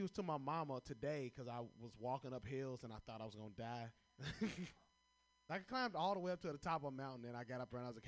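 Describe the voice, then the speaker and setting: A young man from Chicago performs stand-up, riffing on prompts pulled from a hat. His delivery is loose and profane, full of animated storytelling, and he keeps laughing at his own jokes. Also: mid-range voice, fairly quick. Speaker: stand-up comedian.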